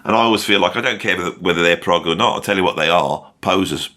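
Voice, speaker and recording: A man's voice: low voice, fast, bright, forceful tone. A middle-aged man gives casual, opinionated commentary in a rambling way full of asides. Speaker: music commentator. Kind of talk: casual ranked-list commentary.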